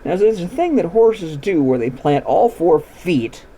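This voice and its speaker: A man tells a ranch story in a casual, folksy, plain-spoken style. His voice sits a little high for a man, with a mellow tone, and his pitch moves around a lot as he narrates. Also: big pitch swings, unhurried, slight background noise, low-quality recording. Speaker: storytelling host.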